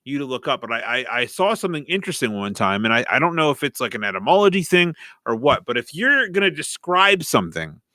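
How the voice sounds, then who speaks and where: Young male podcast host, animated storyteller, bright forceful tone, dry close sound. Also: fairly high pitch, quick pace, few pauses, no echo. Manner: animated storyteller who swears freely and acts out quotes. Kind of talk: casual chat.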